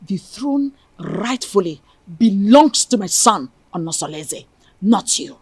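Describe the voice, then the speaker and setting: A woman's voice: mid-range voice, animated, takes it slowly, husky, no echo. An actress with a Nigerian accent playing a stern widowed mother who warns her late husband's brother. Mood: threatening. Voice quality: commanding, warning tone.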